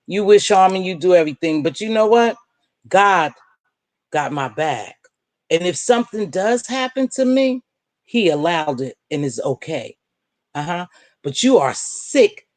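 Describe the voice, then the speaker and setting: A woman hosting a live stream, confronting a viewer in a preachy, sarcastic rant with drawn-out hums. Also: on the low side, darkish tone, no room sound.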